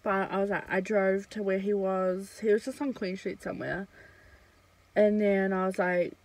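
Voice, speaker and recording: A young woman vlogs a casual storytime in a chatty, blunt way, swearing freely and filling gaps with "um" and "like." Her medium-pitched voice barely moves in pitch, and the recording quality is low.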